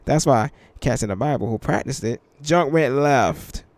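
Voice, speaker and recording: A young man giving casual reaction commentary in relaxed slang, slowing down when he reads verses aloud. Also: mid-range voice, dry recording. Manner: laid-back slangy banter, reads scripture slowly. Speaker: commentary channel host. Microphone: headphones with mic.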